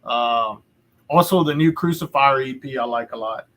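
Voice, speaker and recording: A man's voice: mid-range voice, normal speed, a bit bright. A man from Texas hosting a podcast, chatting casually in a loose, profane, rambling way with lots of restarts. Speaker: podcast host. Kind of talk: casual chat.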